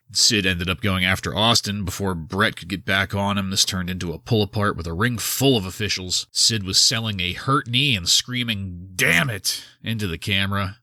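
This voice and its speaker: A man's voice: low voice, bright, forceful tone, no echo, studio quality. A man hosting a wrestling podcast, recapping an old episode in a wry, sarcastic casual style. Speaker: podcast host.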